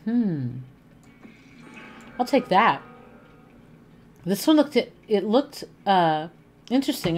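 Speaking slowly with long pauses, a woman with a medium-pitched voice livestreams a video game from her home living room, a little hiss or hum in the background. Her casual chat is lively and animated as she thinks out loud during play.

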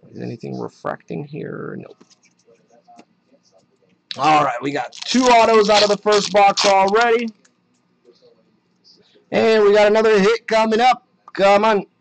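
A young man chatting casually while opening trading card packs on a live break, excited at the hits and muttering asides. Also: sits high, creaky, low-quality recording.

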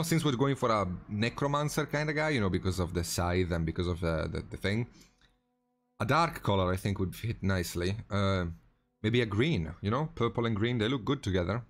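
A man paints miniatures during a casual live stream, greeting viewers by name in a relaxed manner and often restarting his sentences. His voice is lowish and his pace moderate.

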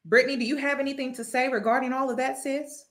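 Bright-voiced woman host, direct and chatty. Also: sits high, fairly even intonation, fast talker. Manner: direct, chatty, calls guest girl and sis. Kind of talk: casual interview chat.

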